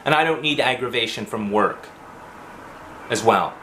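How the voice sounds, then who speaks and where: A man's voice: mid-range voice, normal speed, pushed and bright, roomy sound, slight background noise. A man ranting in a profane monologue for his video blog, swearing constantly. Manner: swears constantly, rants angrily. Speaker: vlogger.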